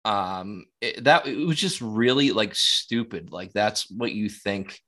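A man's voice: on the low side, takes it slowly, sharp tone. A man co-hosting a podcast in casual chat, rambling and cursing with lots of restarts. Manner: rambling, profane, many restarts. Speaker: podcast co-host.

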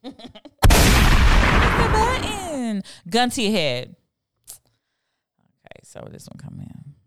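A woman co-hosting a casual podcast chat, brash and quick to laugh and curse. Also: mid-range voice, very animated, a bit bright, smooth. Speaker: podcast co-host.

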